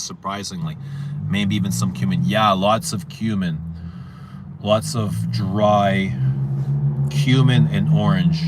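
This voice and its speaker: A man's voice: sits low, background noise. A man hosting a fragrance livestream, chatting casually, rambling and repeating himself as he answers viewer questions. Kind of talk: casual livestream chat reading viewer comments.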